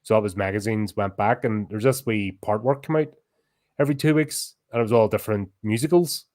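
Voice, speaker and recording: A middle-aged man, co-hosting a podcast in casual chat, loud and animated, laughing easily. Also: on the low side, fairly quick. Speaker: podcast co-host.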